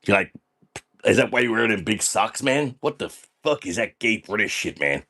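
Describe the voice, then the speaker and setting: A man's voice: on the low side, big pitch swings, moderate pace, bright, forceful tone, husky, exaggerated voice. Man doing a brash, foul-mouthed party dude. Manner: ends nearly every sentence with "man", brash and swaggering. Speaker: livestream character host. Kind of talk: comedic livestream persona reading chat.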